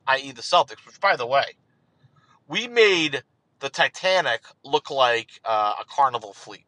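A man's voice: mid-range voice, animated, normal speed, sharp tone, dry recording, low-quality recording. A man hosting a solo sports podcast, talking casually in a rambling, digressive way and asking himself rhetorical questions. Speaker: podcast host.

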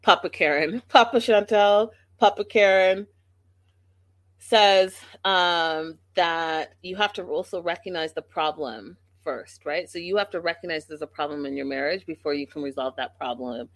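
A woman's voice: low voice, normal speed, dry recording. Sassy woman recapping reality TV. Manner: animated, sassy, acts out quotes in exaggerated voices. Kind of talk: casual recap commentary.

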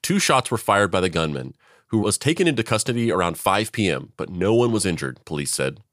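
A man co-hosting a podcast, chatting casually, laughing often and jumping up in pitch to act out quotes. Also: very animated, fairly quick, a bit bright, no room sound, studio quality. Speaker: podcast co-host.

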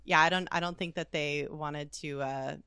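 A woman's voice: sits low, moderate pace, clear, resonant tone, no room sound, studio quality. A woman co-hosting a podcast, telling a story in casual, profane chat and laughing often. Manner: profane, animated, laughs a lot. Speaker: podcast co-host.

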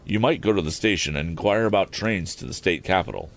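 A man's voice: sits low, fast talker, a little hiss or hum. A man voicing a worried middle-aged inventor and father who explains things earnestly.

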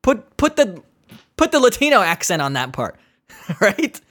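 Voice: mid-range voice, big pitch swings, a little slow, fairly bright tone. A comedian delivering an exasperated, profane comedic rant, talking casually and sarcastically to listeners.

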